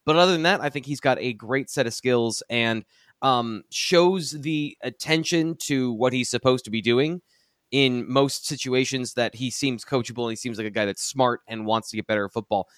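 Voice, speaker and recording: A man in a casual sports talk show segment analyzes a college football recruit at length. His voice sits at an ordinary pitch and is recorded close and dry, with no room sound. He talks in a loose, thinking-aloud way, with restarts and the odd dry bit of sarcasm. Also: moderate pace, fairly bright tone, no echo.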